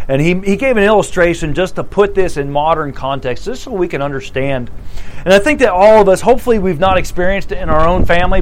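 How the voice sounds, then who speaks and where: A man preaching a sermon, retelling a parable with animated delivery and acting out the characters' lines. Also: on the high side, a little hiss or hum, poor audio.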